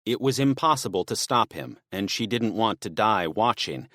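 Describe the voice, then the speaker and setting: A lowish male voice narrates an audiobook in a measured, steady way, reading from a script. The sound is clean studio audio without echo.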